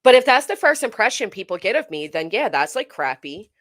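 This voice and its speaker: A woman hosting a casual livestream, chatting to viewers in an animated, emphatic way with a forceful edge. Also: medium pitch, brisk, no room sound, studio quality. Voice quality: tends to sound forceful, described as angry. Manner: animated, emphatic, talks straight to chat. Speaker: livestream host.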